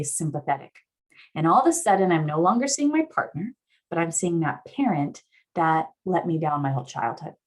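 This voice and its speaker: A young adult woman giving a casual teaching talk on somatic therapy, acting out inner voices as she explains. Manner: casual, uses "like" a lot, acts out inner voices with big swings in pitch and loudness. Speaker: guest speaker on somatic therapy. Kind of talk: teaching talk with acted examples.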